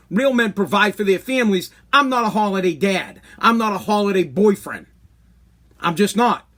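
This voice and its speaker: Brash male podcast host, 30s, higher-pitched, blunt comedic rant. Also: fairly bright tone. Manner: brash, blunt, rambling with restarts.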